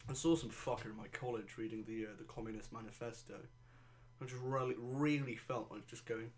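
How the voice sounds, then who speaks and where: A man's voice: medium pitch, steady tone, a little fast, a little hiss or hum. A young man hosting a podcast in casual chat, crude, sarcastic and rambling. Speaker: podcast host.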